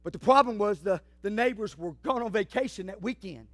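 High-voiced fiery preacher. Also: male voice, a little fast, no echo. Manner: fiery preaching, swinging from shouts to hushed asides. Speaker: pastor. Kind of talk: sermon.

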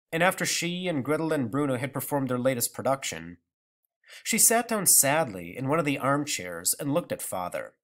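A man reads a novel aloud in an expressive storytelling manner. His pitch rises and falls in lively swings, and it sounds like a plain home audiobook recording. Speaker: narrator. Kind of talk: audiobook reading.

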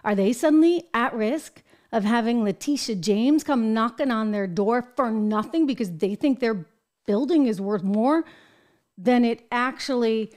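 An American woman with a slightly high voice hosts a commentary show. She talks emphatically and with animation, throwing in exasperated asides. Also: unhurried, a little mellow. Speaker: show host. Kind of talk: political commentary.

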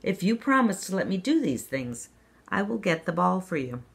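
A woman's voice: fairly low pitch, sing-song, moderate pace, gravelly. Storybook frog, small and ugly, pleading and bargaining, put on by a woman reader. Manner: earnest, bargaining. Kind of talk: children's read-aloud.

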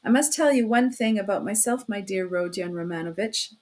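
A woman voicing a chatty, fussy middle-aged male investigator who rambles excitably in a fawning way. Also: medium pitch, fairly quick, lightly acted.

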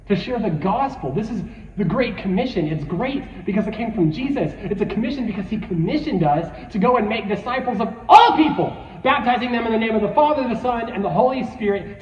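A man preaching as a youth pastor, telling stories in an animated, emphatic way. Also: extremely high pitch, a little hiss or hum. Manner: animated storyteller, quick emphatic shifts. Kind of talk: sermon with personal storytelling. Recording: echoey hall from a distance, dull sound.

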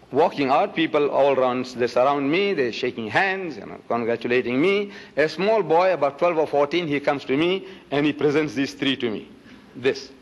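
Holding up items to show the crowd, an older man from South Africa lectures emphatically and throws out rhetorical questions. His voice is a little high, and the lo-fi recording comes from a reverberant lecture hall.

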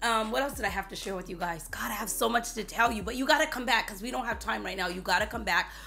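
Bubbly, chatty woman vlogger with a gravelly edge. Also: medium pitch, fast talker, pushed and bright, soft background music. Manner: bubbly, chatty, repeats herself for emphasis. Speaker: beauty vlogger. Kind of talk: casual chat to camera.

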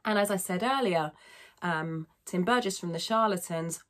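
A woman teaching singing in a casual video lesson, chatting to viewers with quick self-deprecating asides. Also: on the low side. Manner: chatty, warm-hearted asides, thanks viewers.

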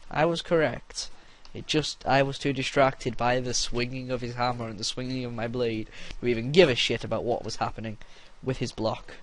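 A young man commenting crudely on his own gameplay and shouting battle cries. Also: medium pitch.

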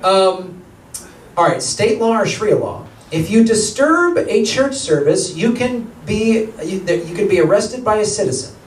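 A man with a high voice runs a comedy game show in front of a live crowd, his brash announcer delivery broken up by joking asides. The sound is an echoey theater picked up from a distance, with a faint hum underneath. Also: big pitch swings, unhurried. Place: theater stage before a live audience. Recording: echoey theater, mic from far off.

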